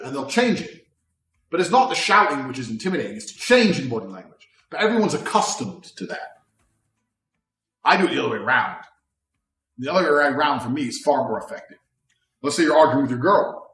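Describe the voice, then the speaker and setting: A man in his thirties giving a blunt, profane motivational talk, swinging between loud bravado and low calm. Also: fast talker. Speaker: motivational speaker. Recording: roomy sound from a distant mic.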